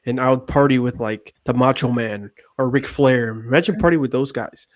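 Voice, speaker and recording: A man's voice: mid-range voice, moderate pace. Laid-back swearing man. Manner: laid-back, swears a lot, laughs often. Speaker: podcast co-host. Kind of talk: casual chat.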